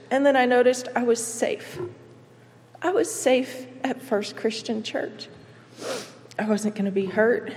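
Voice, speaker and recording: A woman's voice: a little high, darkish tone. Earnest woman in a reverberant hall. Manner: earnest, emotional, halting with pauses. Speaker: testimony speaker. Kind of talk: personal faith testimony. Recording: long reverb, as in a large hall.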